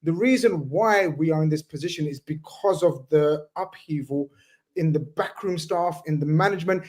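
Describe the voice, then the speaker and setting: Emphatic, high-voiced host arguing football. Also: male voice, a little fast, darkish tone. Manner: emphatic, repeats himself, swears. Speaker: show host. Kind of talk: heated casual football debate.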